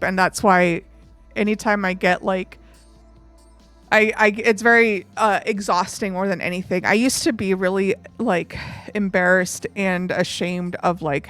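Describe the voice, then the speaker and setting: A woman streamer with a medium-pitched, slightly bright voice chats casually on a live stream, recorded with no echo. She's open and emotional and rambles with lots of fillers.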